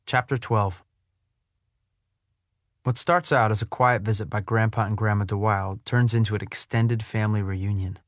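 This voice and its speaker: Soothing low male audiobook narrator. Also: moderate pace, no echo, studio quality. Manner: soothing, even. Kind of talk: first-person audiobook narration.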